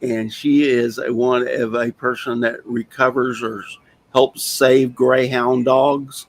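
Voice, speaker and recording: A man's voice: medium pitch, flat delivery, slow pace, rough recording. A man in his sixties hosting a casual chat show, telling a rambling, plainspoken story in a folksy way. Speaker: host.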